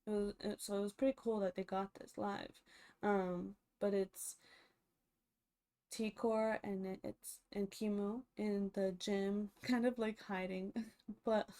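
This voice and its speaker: Slow, chatty young woman recapping TV. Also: medium pitch, darkish tone. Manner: chatty, lots of fillers and restarts. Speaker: reality TV recap vlogger. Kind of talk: casual recap commentary.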